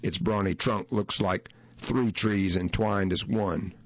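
A man with a low voice tells a first-person story in a measured, unhurried way. The recording is dry and dull, with no room sound and the top end rolled off. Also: dry recording. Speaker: narrator. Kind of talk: first-person reading of a magazine feature.

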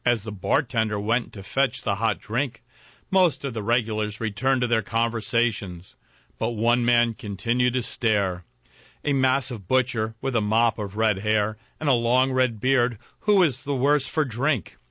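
A man narrating a folk ghost story in a measured, dramatic reading. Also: medium pitch, bright, forceful tone, no echo. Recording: dry, dull lo-fi with faint music.

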